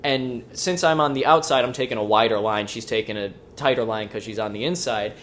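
A man's voice: medium pitch, fairly quick, slight background noise. A man co-hosting a podcast, telling a story in casual chat and acting out its voices, with some swearing. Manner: animated storyteller, swears freely, acts out voices in the tale. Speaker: podcast co-host.

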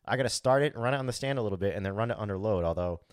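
A man's voice: on the low side, very fast, no echo, clean studio sound. A man co-hosting a podcast, telling a story in casual chat. He talks animatedly, acts out his own thoughts, swears freely and fills with "like". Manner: frequent "like" fillers. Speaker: podcast co-host.

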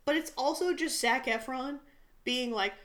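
Brief: young woman podcast co-host, higher voice, casual, swears, acts out the people in her stories. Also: unhurried, a bit bright. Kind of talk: casual chat.

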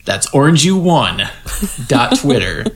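A man's voice: medium pitch, measured pace, slight background noise. A man co-hosting a podcast, recapping a TV episode in casual, profane chat and acting out the characters as he goes. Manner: animated, profane, laughs often, acts out characters. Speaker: podcast co-host.

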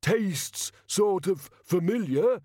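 A man's voice: high voice, lively intonation, slow pace, mellow, no room sound, studio quality, pitched above the performer's own voice, full character voice. A man voicing a cheerful, eager street beggar in an audiobook, with common street talk. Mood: chirpy. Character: legless cheerful beggar man, high and chirpy.

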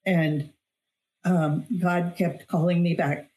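Slow and warm, with a fairly low pitch and level tone, a middle-aged woman shares a personal testimony as an interview show guest. The author and weight loss coach speaks earnestly and emphatically, often repeating phrases for weight.

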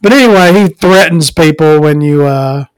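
A woman's voice: low-pitched, normal speed, clean tone, no room sound, rough recording. A woman who hosts a podcast from home, ranting casually and profanely with frequent chuckles. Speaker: podcast host. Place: at home with her dog.

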